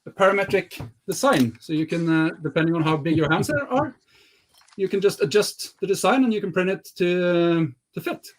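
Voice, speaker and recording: A man co-hosting a casual chat about his week, talking with lots of pauses and fillers. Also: high-pitched. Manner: hesitant, many fillers. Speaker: co-host. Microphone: headset.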